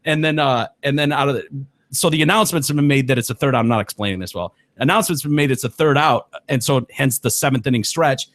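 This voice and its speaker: A man hosting a casual podcast, telling stories with lots of swearing, laughter and loud voices for the people he quotes. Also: mid-range voice, quick pace, no echo. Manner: swears freely, laughs often. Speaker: podcast host.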